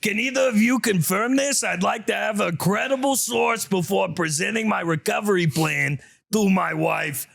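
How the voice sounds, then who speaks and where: A man putting on a loud, exaggerated New York accent to read a listener's letter aloud. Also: sits high, moderate pace, creaky, pitched above the performer's own voice, exaggerated voice. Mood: brash. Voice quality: shouty, exaggerated.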